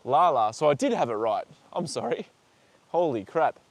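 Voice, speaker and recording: Very animated and speaking at normal speed in a fairly high voice, this Australian livestream host chats from a horse paddock in a dry recording. He reads out viewer comments, talks lovingly to his horses, and swears casually.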